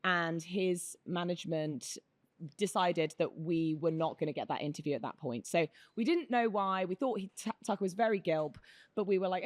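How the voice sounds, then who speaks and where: A podcast co-host with a low voice tells a story in casual chat at normal speed, acting out the quotes as a chatty storyteller. There is no room sound.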